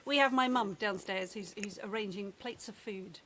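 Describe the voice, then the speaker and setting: A woman's voice: medium pitch, normal speed, crowd noise. A woman hosting a live stream from home. She chats casually and uses fillers like "um" and "like". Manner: chatty, with fillers like "um" and "like". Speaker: host.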